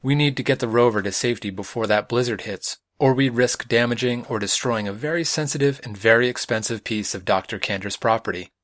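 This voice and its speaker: A man's voice: medium pitch, brisk, few pauses, fairly bright tone, dry recording, studio quality, natural voice. A man reading an audiobook, voicing a bossy, dismissive male lab director who gives curt orders. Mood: commanding. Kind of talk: audiobook character voice.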